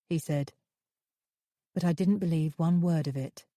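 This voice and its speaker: A woman reads a first-person thriller in steady, measured narration. Her voice sits a little low with a mellow tone, recorded dry and close. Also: no echo. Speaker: audiobook narrator.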